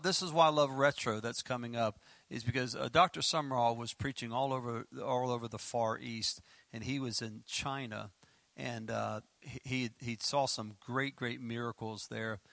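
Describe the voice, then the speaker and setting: Male pastor, bright forceful tone, close dry mic, animated sermon delivery. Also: no echo. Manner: animated, laughing, acts out quotes with pitch leaps.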